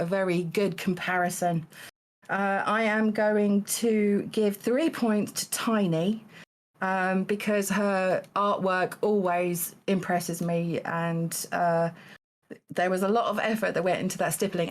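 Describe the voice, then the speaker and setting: A woman hosting a live-streamed game show, halting and full of fillers, with dry teasing asides. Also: fairly low pitch, steady tone. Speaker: game show host judging contestants.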